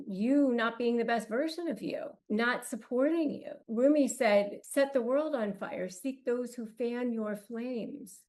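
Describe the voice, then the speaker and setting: A woman's voice: a little high, a little mellow. A woman hosting an advice talk, coaching in emphatic, clipped phrases. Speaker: host.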